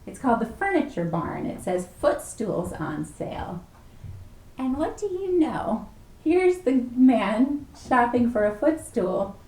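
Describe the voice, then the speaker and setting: A woman librarian reads a picture book aloud to preschoolers at a slow, unhurried pace. Her voice swoops high and low playfully as she asks the children questions. The library room sounds echoey. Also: big pitch swings, dark tone. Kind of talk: preschool storytime read-aloud.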